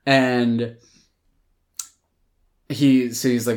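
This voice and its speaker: A podcast host with a fairly low voice walks through a film's plot in a loose, casual way. His talk rambles and is filled with likes and ums, with the odd swear word. He sounds conversational rather than scripted. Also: unhurried. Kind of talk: casual film recap.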